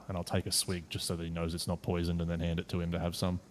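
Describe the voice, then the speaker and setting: A man's voice: low voice, monotone, rapid-fire. A man, playing a tabletop game, crude and blunt with lots of swearing. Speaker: player. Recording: noisy background.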